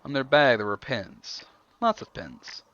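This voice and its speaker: A man reads an interactive story game aloud on stream, narrating and commenting in between. His voice is bright and very lively in pitch. The recording has a muffled, lo-fi quality. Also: measured pace, no echo.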